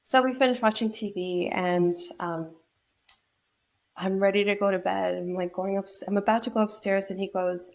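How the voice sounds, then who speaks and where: Young woman with a gravelly voice. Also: mid-range voice, steady tone, normal speed. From New York state. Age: young adult. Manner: reflective, many fillers and restarts. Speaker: podcast guest. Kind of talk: personal storytelling in an interview.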